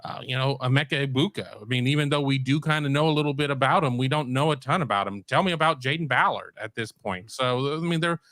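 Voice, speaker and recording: Smooth-voiced man with wry asides. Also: medium pitch, quick pace, few pauses, fairly bright tone, dry recording. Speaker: podcast co-host. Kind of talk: casual sports chat.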